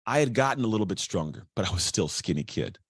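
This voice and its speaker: Fast-talking low-voiced man telling his story. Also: husky, dry recording, studio quality. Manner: energetic, acts out other voices, chatty slang. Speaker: guest. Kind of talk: candid storytelling.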